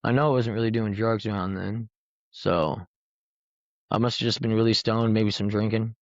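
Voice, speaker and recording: Male podcast host, low voice, profane rambling storyteller, dull lo-fi sound. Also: fairly even intonation, moderate pace, dry recording. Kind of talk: casual storytelling chat. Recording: dull lo-fi recording.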